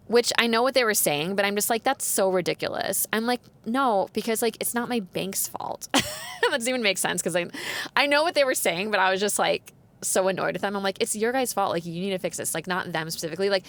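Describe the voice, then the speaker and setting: A woman hosting a podcast, telling a story in a chatty, animated way and filling her speech with "like.". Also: medium pitch. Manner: chatty, says "like" constantly, animated retelling with quoted dialogue. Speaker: podcast host. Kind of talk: casual storytelling chat.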